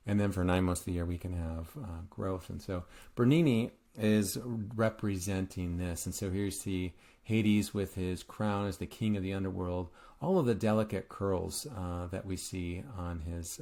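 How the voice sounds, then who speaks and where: A man teaching art history in a relaxed lecture, retelling a myth conversationally with many filler words. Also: sits low. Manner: conversational, frequent "uh" fillers and restarts; retells myths casually with a light humorous touch. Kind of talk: informal recorded lecture.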